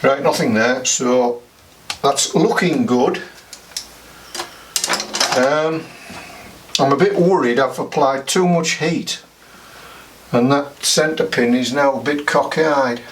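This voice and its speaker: Slow older man, distant mic. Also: medium pitch. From United Kingdom. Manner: chatty, thinks aloud while working. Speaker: amateur radio hobbyist. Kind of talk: hands-on workshop demonstration. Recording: distant mic with clear background noise.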